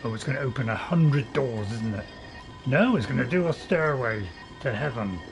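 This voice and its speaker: Over background music, a man with a medium-pitched, expressive voice speaks at normal speed as he narrates his own gameplay. It's laid-back let's play commentary: he chats, cracks jokes, teases himself, and slips into goofy voices.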